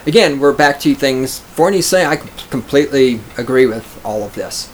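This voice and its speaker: A man's voice: mid-range voice, animated, moderate pace, a little hiss or hum. Profane, sarcastic male commentator. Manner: profane, sarcastic, mocks others in raised mimicking voices. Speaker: commentator reading and reacting to an article. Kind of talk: casual reaction commentary.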